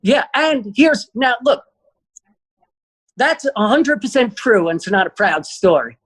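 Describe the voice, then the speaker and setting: A man with a high voice that jumps all over the place tells a comic story. He's punchy and profane, and his delivery swings hard as he builds each beat. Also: very animated, a little slow, a bit bright, breathy edge. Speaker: comedian guest.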